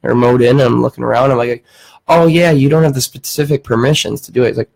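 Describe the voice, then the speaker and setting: Young man, mid-pitch voice, animated storyteller, casual swearing, acts out voices. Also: fast, gravelly, low-quality recording. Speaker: podcast host.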